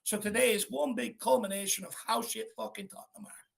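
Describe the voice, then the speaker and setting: A man's voice: high voice, steady tone, a little fast, vocal fry. A man hosting a live football fan chat, angry and blunt, swearing as he vents. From Ireland. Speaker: fan channel host.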